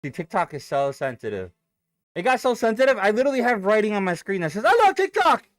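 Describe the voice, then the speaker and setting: A man's voice: high voice, big pitch swings, fast, no room sound, studio quality. A young adult man chatting casually and loosely on a live stream, swearing freely and reading out viewer comments. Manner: loose and profane, thinking aloud. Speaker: day trading streamer.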